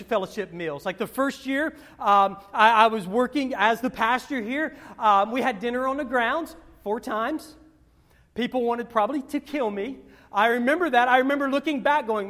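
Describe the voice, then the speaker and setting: A male pastor preaching a sermon, telling personal stories in a rambling way, repeating words and swinging from loud to hushed. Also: extremely high pitch, normal speed.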